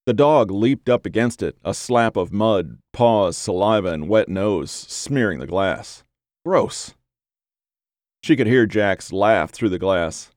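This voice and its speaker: Male storyteller, low-pitched, measured and deliberate, dry recording. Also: a little mellow, dry recording. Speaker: narrator. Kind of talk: scripted story narration.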